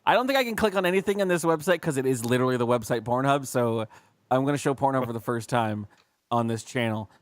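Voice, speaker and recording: A man's voice: mid-range voice, quick pace, no echo, clean studio sound. A man co-hosting a casual comedy podcast, rambling, swearing and acting out little bits. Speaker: podcast co-host.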